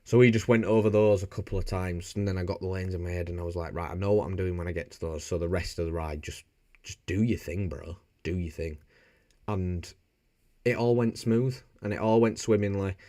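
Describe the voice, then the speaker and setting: Chatty Yorkshire man, low and dry. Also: fairly even intonation, normal speed, warm tone, dry recording. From Bradford, England. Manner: chatty and jokey, reads viewer comments aloud. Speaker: motorbike streamer. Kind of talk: casual live-stream chat.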